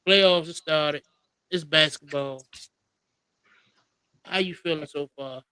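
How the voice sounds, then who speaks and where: A man co-hosting a casual podcast, his voice high, bright and smooth. He talks in an animated way and laughs often. The sound is dry and close. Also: slow pace, no room sound, rough recording. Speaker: podcast co-host. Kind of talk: casual chat.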